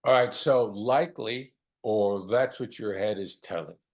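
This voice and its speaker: A man speaking as a guest on negotiation, explaining with emphasis and sometimes slowing into a soothing, calm voice. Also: fairly low pitch. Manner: emphatic, drops into a slow soothing voice to demonstrate. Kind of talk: lively explanatory talk.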